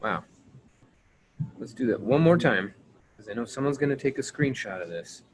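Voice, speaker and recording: Man, team trainer, coaching tone, repeats key points, acts out sample lines, medium pitch, faint background hum. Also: very animated, moderate pace, poor audio.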